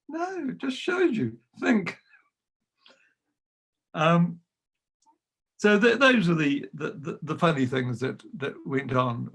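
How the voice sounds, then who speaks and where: An older man, a retired choir director, telling lively anecdotes over a video call and acting out the voices he quotes. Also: medium pitch, gravelly, slightly rough. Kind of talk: storytelling talk.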